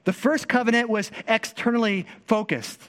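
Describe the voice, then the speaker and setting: A man preaching a sermon with passion, moving between loud emphasis and hushed, quiet passages. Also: sits high, normal speed, in a large hall. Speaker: pastor.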